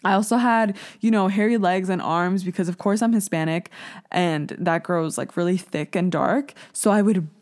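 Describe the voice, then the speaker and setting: A woman in her twenties hosts a casual solo podcast, speaking candidly in a lowish, slightly mellow voice at a moderate pace. She fills her talk with "like," swears a bit, and jokes and laughs at her own expense.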